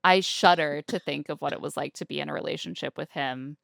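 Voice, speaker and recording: A woman's voice: deep voice, a little fast, vocal fry, no echo, clean studio sound. A woman co-hosting a podcast, chatting casually and acting out other people's lines as she recaps. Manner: animated, acts out quotes of others. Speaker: podcast co-host.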